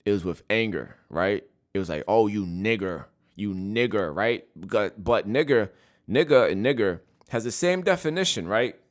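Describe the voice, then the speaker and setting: A man with a lowish voice and lively intonation talks at normal speed on his casual solo podcast. He airs his opinions, restarts often, and repeatedly asks "right?"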